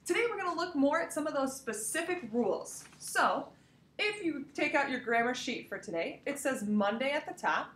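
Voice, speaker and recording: A woman's voice: high voice, expressive, moderate pace, a bit bright, recorded from a distance. A woman teacher giving a cheerful, encouraging grammar lesson to young children, speaking to them directly. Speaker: elementary school teacher. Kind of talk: recorded remote grammar lesson. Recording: echoey room, voice from off mic.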